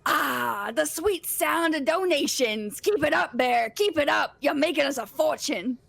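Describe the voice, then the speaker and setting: A woman's voice: sits high, animated, measured pace, creaky, fairly bright tone, no echo, heavily acted. A woman voicing a bossy, scheming old grandmother who manages a wrestler and scolds him. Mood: gloating. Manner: scolding, grumbling, calls him boy.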